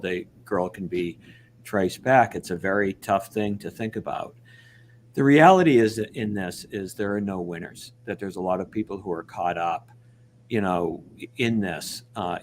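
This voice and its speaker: Earnest, reflective man, slightly low voice. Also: a little hiss or hum. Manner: earnest, reflective, with frequent restarts. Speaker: guest. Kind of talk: earnest panel discussion.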